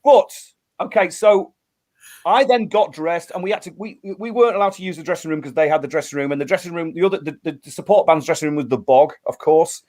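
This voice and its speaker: A middle-aged man from the UK, a musician telling a lively story in a casual interview, acting out quotes with many restarts. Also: on the high side, fast talker. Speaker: guest musician.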